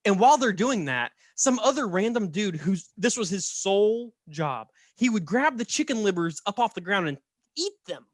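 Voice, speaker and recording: A man's voice: high-pitched, very animated, moderate pace, no echo, studio quality. A man casually telling a story on a podcast, chatty and laughing, often checking in with "right?". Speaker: podcast host.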